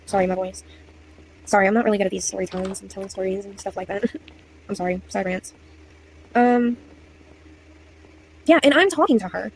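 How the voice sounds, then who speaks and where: A woman's voice: medium pitch, moderate pace, long pauses, a little hiss or hum, poor audio. A young woman telling a casual storytime at home, rambling, apologizing and losing her place. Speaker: vlogger. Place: indoors at home.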